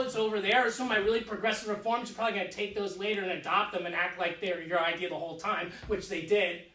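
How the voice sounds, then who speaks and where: Whiny vain emperor in his 30s, high bright voice, echoey living room, mic far off. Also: slight background noise. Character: vain, childish deposed emperor, young man, self-pitying. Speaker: solo stage performer. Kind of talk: solo theatre monologue.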